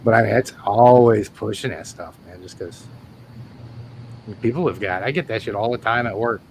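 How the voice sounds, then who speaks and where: A man's voice: on the low side, normal speed, gravelly, slight background noise, poor audio. A man in casual live-stream chat, rambling and laughing as he tells stories from work. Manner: relaxed, rambling, laughs often. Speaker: reptile keeper and guest.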